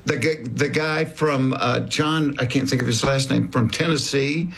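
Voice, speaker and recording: A man's voice: medium pitch, a little slow, vocal fry, fairly bright tone, husky. A man with a Southern US accent, a comedian guest telling folksy stories in casual conversation and acting out quoted remarks. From American South.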